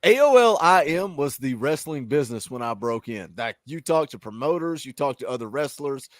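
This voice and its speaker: Man, laid-back co-host, casual chat, lively intonation, dry close sound. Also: medium pitch, normal speed, dry recording. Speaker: podcast co-host. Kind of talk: casual live reaction chat.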